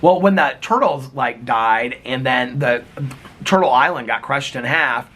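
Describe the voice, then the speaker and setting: A man's voice: medium pitch, unhurried, pushed and bright. A middle-aged man vlogging in casual chat, rambling from story to story, laughing often and quoting old movie lines. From United States.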